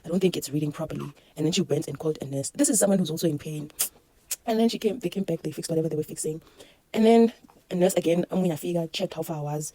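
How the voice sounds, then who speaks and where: A woman with a South African accent telling a casual storytime, animated and mixing Zulu into her English. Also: low voice, fast talker. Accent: South African, Zulu-mixed English. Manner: animated, code-switching, laughing through a birth story. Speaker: vlogger.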